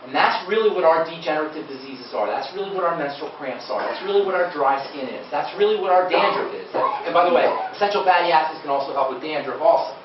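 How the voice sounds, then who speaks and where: A male nutrition speaker gives a conversational live seminar in a lecture room, quizzing the audience with questions. His voice is on the high side and animated, quick with few pauses, recorded dull and echoey from afar over a noisy background.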